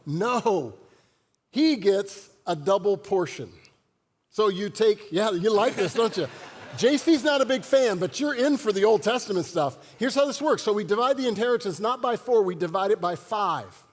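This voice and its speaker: A man's voice: high voice, expressive, moderate pace. A man preaching a sermon as pastor, in a conversational style and joking with the congregation. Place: church sanctuary. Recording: long church hall reverb.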